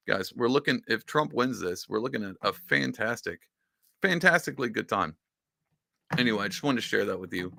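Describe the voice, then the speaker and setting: A man hosting a podcast, giving casual political commentary in an excitable, sarcastic rant whose pitch swings up and down. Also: fairly quick, gravelly, dry recording, clean studio sound. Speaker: podcast host.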